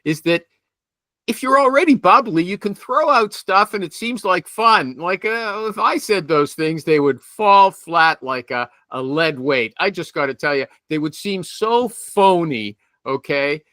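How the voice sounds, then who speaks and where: Bright-voiced probing male host. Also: high voice, animated, unhurried, no room sound. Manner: probing, interrupting, dry. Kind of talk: casual podcast interview.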